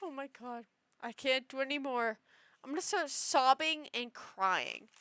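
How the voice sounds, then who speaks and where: A young woman vlogs in a casual, gushing way, her high voice leaping up and down as she fawns over cute little items. Her tone is bright and her pace is slow and easygoing. The sound is dry and close. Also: no room sound. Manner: gushing, excitable, squeals over cute things. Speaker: vlogger. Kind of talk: casual chat.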